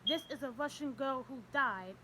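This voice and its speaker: A woman's voice: sits high, moderate pace, noisy background, natural voice. A woman reading the part of a stern, elderly male Russian priest who speaks tersely and formally in an audiobook. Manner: terse, formal, ignores questions.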